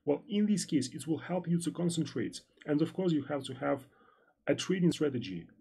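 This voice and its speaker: A man with a Russian accent, a native Russian speaker, giving a live-stream trading lesson, reading out and answering chat questions in a halting, repetitive way with many fillers. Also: a little high, expressive, gravelly, mellow, breathy edge. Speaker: trading instructor.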